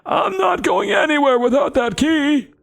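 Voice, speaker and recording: A man voicing a feral, paranoid old male goblin hermit in a shrill old-man voice. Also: very animated, unhurried, gravelly, fairly bright tone, faint music behind, full character voice. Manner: shrill, suspicious, squawking.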